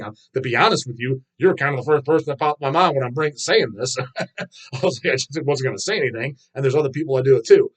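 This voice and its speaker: A man's voice: mid-range voice, quick pace. A middle-aged man hosting a livestream, ranting in a swaggering, foul-mouthed, mocking way. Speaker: livestream host. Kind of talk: profane casual rant.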